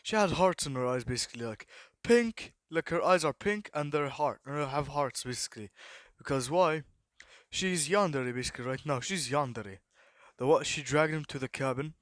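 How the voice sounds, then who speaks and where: A young man spins an improvised story in a loose, rambling way, stopping again and again to prompt himself before he goes on. His voice sits a little high, and it is recorded dry and close to the mic with no room sound. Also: normal speed, dry recording. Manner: rambling, many fillers and repeated "the what?" prompts. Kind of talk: casual improvised story narration.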